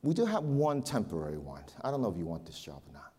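A man voicing an apologetic male zoo manager offering an odd job in a hushed, confiding tone, with long hall reverb. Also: on the low side, wildly swooping pitch, fast, breathy edge, pitched below the performer's own voice, heavily acted.

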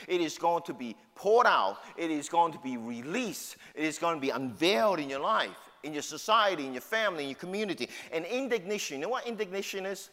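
A man's voice: fairly high pitch, animated, a little fast, few pauses, bright, forceful tone. A middle-aged man with a New York City accent preaching a sermon, emphatic and full of rhetorical questions. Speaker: pastor. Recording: long hall reverb.

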